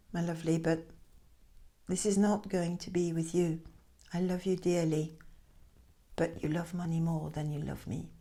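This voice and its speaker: A storyteller voicing a gentle young woman who speaks softly and sadly. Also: lightly acted. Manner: soft, low, sorrowful.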